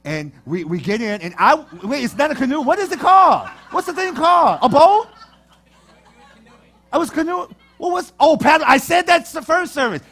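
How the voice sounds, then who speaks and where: A man preaching a sermon, telling jokes and stories to his congregation in a lively, playful way. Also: very high voice, moderate pace, soft background music. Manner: animated storytelling with jokes to the congregation. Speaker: pastor. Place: church sanctuary.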